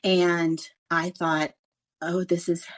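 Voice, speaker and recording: A woman's voice: lowish voice, slow. A middle-aged woman, a former radio news reporter, telling stories in a casual interview and laughing often. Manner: animated storyteller who laughs often.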